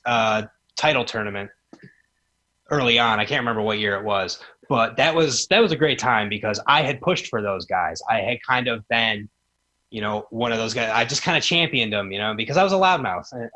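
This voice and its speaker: A man's voice: mid-range voice, pushed and bright. A man in his thirties, a guest on a podcast, telling casual stories and acting out quoted dialogue in a raised voice. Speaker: podcast guest, former wrestling promoter. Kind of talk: casual storytelling chat.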